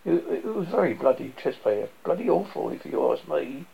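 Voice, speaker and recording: A man voicing a gruff older pub regular who tells jokes, reading a script aloud in a husky, gravelly voice. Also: fairly high pitch, big pitch swings, normal speed, mellow, exaggerated voice. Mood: joking. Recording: dull lo-fi recording.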